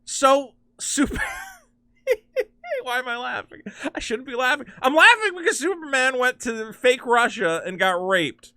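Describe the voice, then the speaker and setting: A man hosts a comic-book commentary, ranting with incredulous, sarcastic exasperation. His voice swoops widely and has a bright, forceful edge. It is recorded dry and close, with no room sound. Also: very high voice, lively intonation, moderate pace, few pauses, smooth, no echo. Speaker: host.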